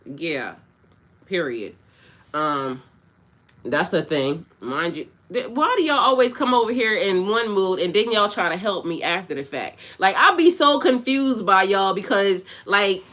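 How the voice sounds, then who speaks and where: A spiritual coach hosts a livestream tarot-style reading, talking bluntly and casually to viewers and responding to chat. Her medium-pitched voice has a bright, sharp edge and lively intonation, delivered a little slowly. She mixes slang with pep-talk advice.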